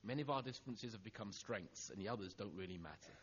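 A middle-aged man preaching a sermon, telling a personal story and acting out the dialogue, going soft and low on the tender lines. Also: lively intonation, quick pace, muffled recording.

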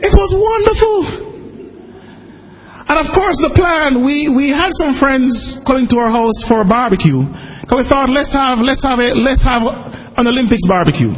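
High-voiced pastor telling a story. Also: male voice, normal speed, muffled recording, slight background noise. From Jamaica. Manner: animated storytelling, bursts into shouting when excited. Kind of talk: sermon with a personal story.

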